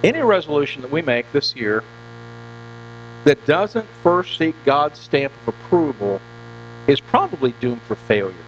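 A pastor preaching a conversational sermon in a church, often repeating words and asking the congregation questions. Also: male voice, fairly high pitch, sing-song, a little slow. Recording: dull lo-fi recording with mains hum.

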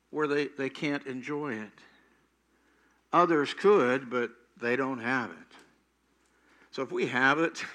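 Bright-voiced older male preacher. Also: medium pitch. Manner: animated storytelling, acts out quoted prayers. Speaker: pastor. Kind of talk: sermon.

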